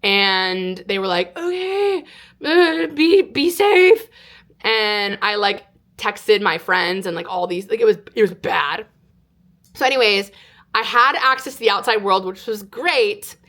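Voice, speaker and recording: A woman in her twenties from California, telling a personal story to camera in a casual, animated way with lots of "like". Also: mid-range voice, unhurried. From California, United States. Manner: animated, exaggerated retelling with frequent "like". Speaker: vlogger. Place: indoors, sit-down filming.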